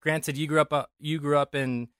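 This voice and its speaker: This Denver co-host's voice is on the high side, steady, fairly bright and clean, at a moderate pace. The young man rambles, jokes and corrects himself in a casual podcast chat, recorded dry with clean studio sound.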